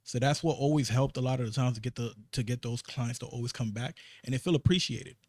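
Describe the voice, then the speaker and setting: A man's voice: medium pitch, a little mellow, dry recording. A man with a New York accent on a casual podcast, telling work stories in an emphatic way, restarting his sentences often. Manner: fast, emphatic storytelling with repeated restarts. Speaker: podcast co-host. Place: podcast studio.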